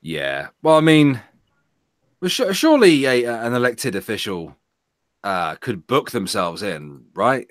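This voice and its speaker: A man's voice: medium pitch, sing-song, unhurried, no echo, studio quality. A man hosting a casual political chat show, joking, laughing often and stumbling into restarts. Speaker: host of an online talk show.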